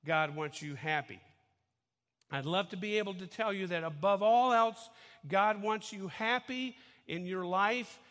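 Bright-voiced preacher in an echoey hall. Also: male voice, high voice. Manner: conversational preaching, asks audience to follow along. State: out of breath after dancing. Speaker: pastor. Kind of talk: sermon.

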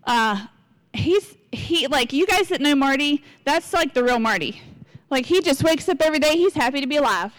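A woman's voice: high voice, dry recording. A woman in her forties giving a casual, candid sermon in church, chatty and confessional, acting out what people say. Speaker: lay preacher.

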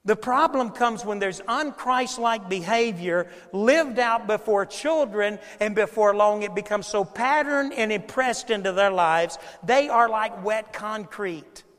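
A man with a high voice delivers a sermon in a church, his words trailing off in a long hall reverb. He is conversational and emphatic, repeating phrases and turning straight to the congregation. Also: measured pace, few pauses, fairly bright tone. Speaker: preacher.

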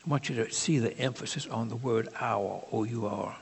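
A man preaching a sermon in a conversational, halting way, with asides to the congregation. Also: medium pitch, vocal fry, in a large hall, slight background noise.

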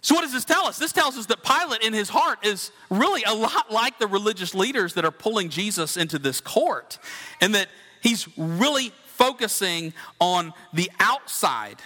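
A man preaches a sermon, earnest and conversational, turning to his listeners with direct questions. His voice sits high and bright. It rings out with the long reverb of a large hall. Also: lively intonation, normal speed. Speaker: pastor.

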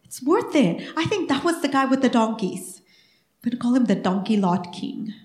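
A middle-aged woman pastor of Mexican heritage preaches a sermon in a church sanctuary, animatedly telling stories and acting out their dialogue. Her voice is a little high and moderately paced, and the recording carries the echo of the church room.

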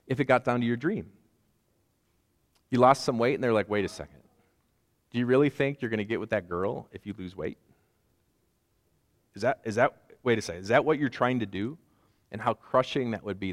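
A man's voice: mid-range voice, big-room sound. A man in his forties preaching a conversational sermon with self-deprecating asides. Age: 40s. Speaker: pastor.

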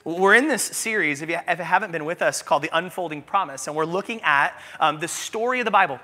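A man preaching a sermon as pastor in a church, telling stories in an animated, humorous way. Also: on the high side, fast. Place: church sanctuary. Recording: long church reverb.

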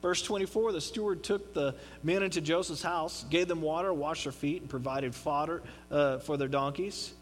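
Guy with a pretty high voice doing a relaxed bible teaching, reads verses then chats about them, faint hum behind. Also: normal speed, hardly any pauses, low-quality recording. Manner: casual and chatty, reads scripture then explains it, acts out little voices. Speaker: pastor.

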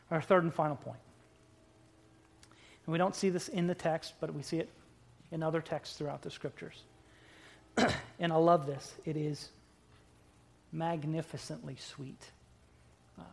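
A preacher delivering a sermon to a congregation. The delivery is emphatic, with drawn-out words and sudden loud bursts, and it is broken up by playful asides. The voice sits at a middling pitch. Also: creaky, slightly rough. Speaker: pastor.

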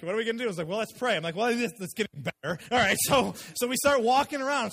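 Brief: man in middle age, pastor, lively storytelling sermon, high voice. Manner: animated, acts out quoted people.

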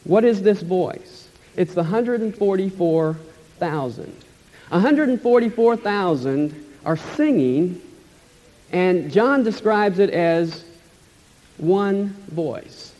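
A man preaching an expository sermon as pastor, emphatic and enthusiastic, repeating key phrases and letting phrase ends trail off softly. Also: sits high. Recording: long hall reverb, dull lo-fi sound.

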